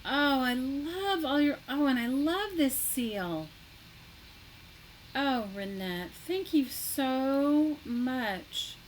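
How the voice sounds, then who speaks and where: A woman's voice: sits high, lively intonation, drawn-out words, a little hiss or hum, poor audio. A woman hosting a casual live crafting stream, chatty and greeting viewers by name, gushing with delight. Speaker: craft livestream host.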